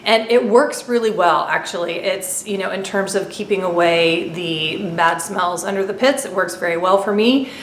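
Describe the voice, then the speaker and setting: A woman chatting through a casual product review vlog at home, talking quickly with many fillers and asides. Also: lowish voice, echoey room, a little hiss or hum. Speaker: beauty vlogger.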